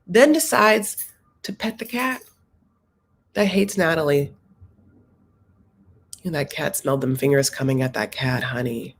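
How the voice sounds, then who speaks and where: A woman hosting a casual TV recap, talking in an animated, sassy, chatty way. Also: sits low, unhurried, long pauses. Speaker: host.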